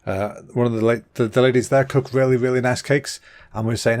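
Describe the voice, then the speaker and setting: This is a man, hosting a casual solo podcast. His voice sits at an ordinary pitch for a man. He talks in an excitable, rambling way, a little out of breath, with a throat that sounds slightly clogged. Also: fast. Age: 30s. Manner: chatty and excitable, with fillers and restarts. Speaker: podcast host.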